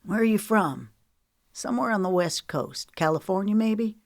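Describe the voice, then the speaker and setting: A woman reading as a tired, curious male country music star in an audiobook, speaking in a low, quiet voice with probing questions. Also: expressive, normal speed, dry recording, studio quality, natural voice.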